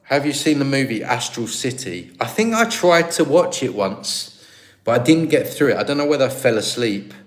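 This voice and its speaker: A man's voice: mid-range voice, sing-song, normal speed. An English man hosting a live stream, chatting casually and answering viewer comments in a rambling, easygoing way. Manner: rambling, chatty, with frequent restarts and laughs. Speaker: livestream host. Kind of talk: casual livestream chat reading viewer comments.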